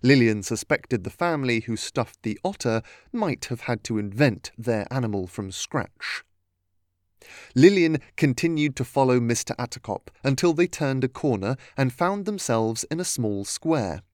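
A man's voice: mid-range voice, lively intonation, moderate pace, dry recording. Man narrating a storybook, dry sound.

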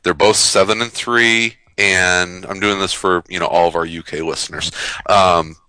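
A man's voice: low-pitched, fairly even intonation, normal speed, sharp tone, clean tone, dry recording, low-quality recording. A man co-hosting a podcast in casual chat, brash and teasing, with some swearing. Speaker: podcast co-host.

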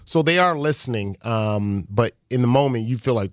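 A man's voice: medium pitch, expressive, moderate pace, no echo. Reflective man, dry close sound. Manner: reflective, rambling with fillers. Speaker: podcast guest. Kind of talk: casual chat.

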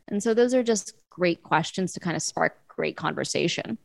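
Gravelly-voiced woman giving parenting advice. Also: lowish voice, expressive, normal speed, dry recording. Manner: earnest, lots of fillers and restarts. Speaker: parenting guest. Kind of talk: casual conversational advice.

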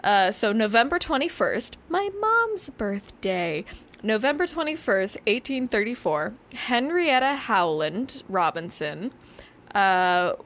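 A woman co-hosting a podcast, telling a story in a casual chat with animated asides and frequent laughter. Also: mid-range voice. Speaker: podcast co-host.

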